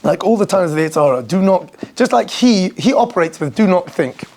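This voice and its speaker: A man's voice: high voice, expressive, brisk, a little mellow. A rabbi giving an informal Torah class to students. He speaks with animation, acts out quoted voices and keeps asking rhetorical questions.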